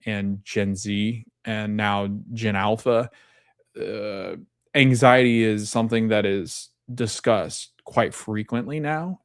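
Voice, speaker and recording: Young man, podcast host, rambling casual recap, low voice, dry close sound. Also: smooth, no echo. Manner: rambling, filler-heavy retelling.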